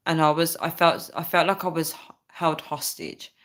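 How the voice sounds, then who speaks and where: Chatty young woman vlogger, lowish voice. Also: fairly even intonation, normal speed, fairly bright tone. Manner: chatty, frequent "right?" and "guys", laughs often. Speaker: vlogger reading live chat. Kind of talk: casual storytelling chat.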